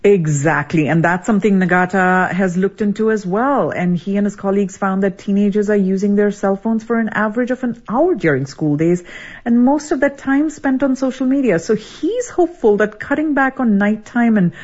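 A woman health correspondent explaining findings in a measured, steady radio news conversation. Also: mid-range voice, husky, highs cut off.

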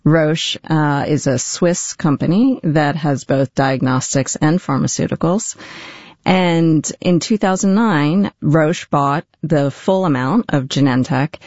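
A woman's voice: low voice, darkish tone, dry recording, lo-fi sound. A woman business executive being interviewed, explaining in a friendly way with occasional fillers. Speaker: company executive guest. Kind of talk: interview conversation.

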